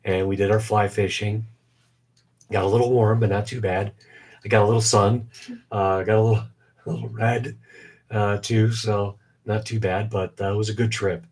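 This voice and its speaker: Low steady-toned guy in his 40s, kinda breathless weak voice, rambling live stream chat w lots of ums. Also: moderate pace. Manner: rambling, many fillers. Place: home basement shop.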